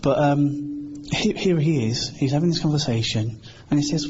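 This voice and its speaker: A man's voice: fairly high pitch, moderate pace, few pauses, a little mellow. A British man preaches in an earnest, conversational way, acting out the voices he quotes. His recording sounds a little dull, with a faint hiss behind him. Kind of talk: informal sermon.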